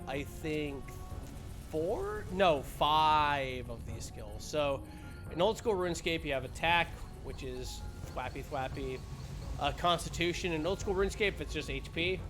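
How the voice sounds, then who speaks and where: Young guy streaming, goofy explainer, slightly high voice, game music going. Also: unhurried. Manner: playful, explains with silly sound words. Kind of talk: casual gameplay chat.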